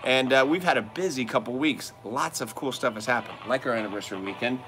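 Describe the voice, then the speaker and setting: Bright-voiced upbeat man on a livestream. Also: medium pitch, quick pace. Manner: chatty, upbeat, greets viewers by name. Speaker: co-host of a couple's live show. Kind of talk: casual live-stream chat.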